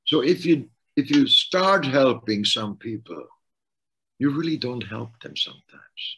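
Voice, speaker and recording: This life coach co-host, a middle-aged German-accented man, talks casually and repeats himself to drive points home in conversational coaching talk. His mid-range voice is expressive, unhurried, sharp and husky, captured on a rough recording.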